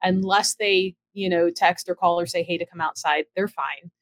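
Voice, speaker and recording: Middle-aged woman telling ghost stories casually, lowish voice, dry close sound, chatty and animated. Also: normal speed, no room sound. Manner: chatty, animated, acts out quoted dialogue. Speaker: storyteller recounting ghost encounters. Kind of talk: casual storytelling.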